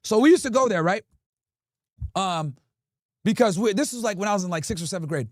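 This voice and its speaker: A man in his thirties from Connecticut, telling crude stories to his livestream chat in a lively, laughing way. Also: sits high, fairly quick, no room sound, clean studio sound. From Connecticut, USA. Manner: animated, crude, laughing storyteller. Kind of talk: casual storytelling to chat.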